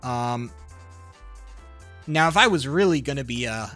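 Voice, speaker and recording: A man's voice: medium pitch, animated, a little slow, pushed and bright, faint music behind. A man livestreaming, ranting about politics in a profane, heated, rambling way. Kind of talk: casual political rant while gaming.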